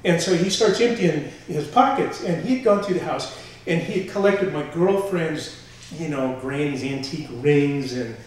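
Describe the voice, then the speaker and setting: A man telling a personal story on stage to a live audience, animated and full of fillers, acting out quotes as he goes. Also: fairly high pitch, moderate pace. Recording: echoey hall from far off.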